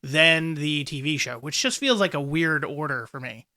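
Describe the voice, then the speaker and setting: A man's voice: a little high, moderate pace, bright, forceful tone. A man hosting a casual podcast chat, keeping track of dates and swearing freely. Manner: swears freely, corrects the facts. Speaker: podcast host.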